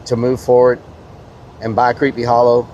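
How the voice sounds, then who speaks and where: A man's voice: medium pitch, completely flat delivery, moderate pace, a little mellow, highs cut off. Rambling man telling a story. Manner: rambling, loose, many fillers and mild swearing. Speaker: streamer. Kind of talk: casual storytelling to live chat.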